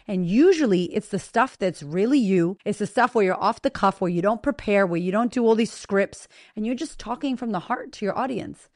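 A woman hosting a podcast in a casual motivational monologue, blunt and profane, talking straight to her listeners with energetic emphasis. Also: mid-range voice, moderate pace, hardly any pauses, no room sound, studio quality. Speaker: podcast host and business coach.

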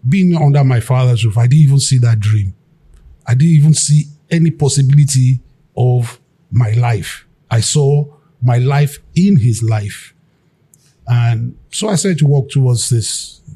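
Nigerian guy telling stories in an interview, husky mellow voice, does the voices of people he quotes. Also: mid-range voice, measured pace. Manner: animated, acts out quotes. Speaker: guest musician. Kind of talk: storytelling interview.

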